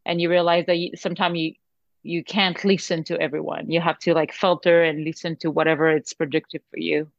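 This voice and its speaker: Low-voiced woman with a French accent. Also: fairly quick, gravelly, no echo, highs cut off. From Lebanon, raised in France. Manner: relaxed, chatty, laughs often. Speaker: guest, singer. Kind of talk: casual interview chat.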